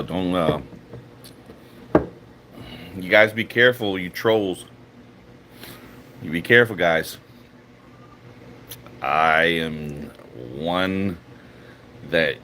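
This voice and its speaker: A man's voice: low voice, sharp tone, slight background noise. A man streaming and reading chat aloud, laughing and mocking commenters in a loose, joking way. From Puerto Rico. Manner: mocking, laughing, puts on silly voices for chatters. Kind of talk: casual livestream chat.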